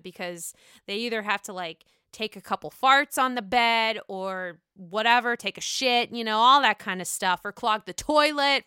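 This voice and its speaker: A woman podcast host, swearing freely as she dishes on reality TV in casual, emphatic chat. Her voice is bright and crisp, a little higher than most, recorded dry and close. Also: no room sound. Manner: gossipy, profane and emphatic.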